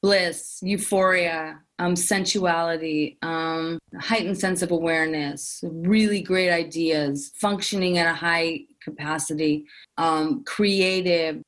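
Interview guest, woman in her fifties, slightly low-pitched, emphatic personal storytelling. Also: steady tone, unhurried. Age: 50s. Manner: emphatic, with many fillers and repeated phrases.

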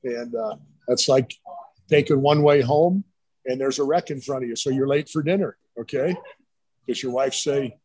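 A man's voice: mid-range voice, moderate pace, mellow, breathy edge, rough recording. A middle-aged man, a retired football coach, telling long rambling anecdotes in a casual interview and acting out what others said to him. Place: brewery.

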